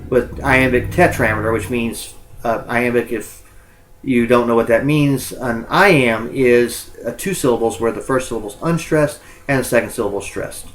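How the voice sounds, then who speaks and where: Male college instructor, mid-pitched, loose recorded lecture, frequent ums and uhs, stops to correct himself. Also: slight background noise, low-quality recording.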